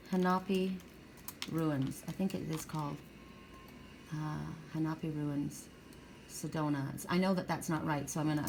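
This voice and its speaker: Middle-aged woman card reader with a low voice, chatty and meandering, faint background noise. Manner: rambling, warm storytelling with many restarts. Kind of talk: casual spiritual card reading.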